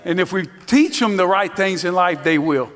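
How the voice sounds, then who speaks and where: A man speaking as a guest on a church panel, easygoing and unhurried. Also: high-pitched, lively intonation, noisy background. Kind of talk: casual church panel talk.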